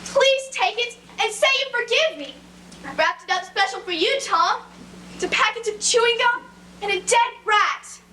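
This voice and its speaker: In a noisy, echoing stage recording, a woman plays a bossy, scolding old aunt with a very high voice. She sounds prim and old-fashioned, and she orders everyone about. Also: lively intonation, normal speed, bright, forceful tone, heavily acted. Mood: coaxing. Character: stern, scolding older aunt, fussy and proper. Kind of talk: stage play acting. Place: theatre stage.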